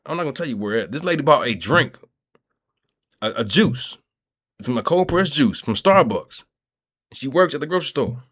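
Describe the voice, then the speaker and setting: A man's voice: mid-range voice, lively intonation, normal speed, long pauses, a bit bright. A man delivering a rambling, profane vlog monologue in a streetwise way, often checking in with his listeners. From Kentucky. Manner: streetwise, profane, keeps asking "you feel me". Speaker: vlogger.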